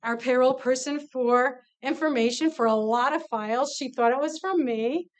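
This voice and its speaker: Candid woman telling a story, slightly high voice. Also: moderate pace. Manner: lively, candid, acts out dialogue. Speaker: nonprofit CEO speaking to students. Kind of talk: casual storytelling talk.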